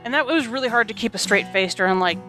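A man at a tabletop game trades dry, sarcastic jokes with his friends. Guitar music plays clearly in the background. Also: high-pitched, fast. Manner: wry, sarcastic. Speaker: player. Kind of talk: casual chat.

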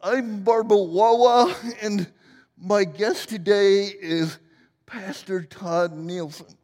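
A man's voice: high voice, slow pace, darkish tone, in a large hall. A man putting on a chirpy female TV interviewer who says her r's and l's as w's. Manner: mispronounces r and l sounds as w.

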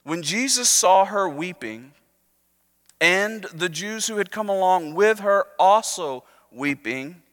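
Male pastor, high bright voice, conversational sermon with humor, reverberant church hall. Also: lively intonation. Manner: conversational preaching with jokes, slowing and softening for emphasis. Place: church sanctuary.

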